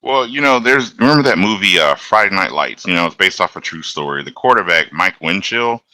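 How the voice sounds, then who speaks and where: A man from Alabama, a locomotive engineer, chatting as a guest and telling stories in a relaxed, rambling way. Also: low voice, a little fast, no room sound. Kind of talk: casual conversational storytelling.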